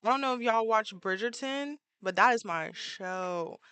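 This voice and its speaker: A woman's voice: on the high side, lively intonation, a little slow, fairly bright tone, clear, resonant tone, no room sound. A woman artist chatting casually and playfully with her viewers while she draws, full of filler words. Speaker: artist streaming while drawing. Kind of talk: casual livestream chat with viewers.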